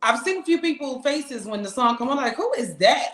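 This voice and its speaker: A woman's voice: sits high, brisk, roomy sound. A young woman singer from Atlanta, chatting candidly and emphatically as a podcast guest. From Atlanta, Georgia. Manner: lively, emphatic and candid, with frequent laughs. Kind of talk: casual interview chat.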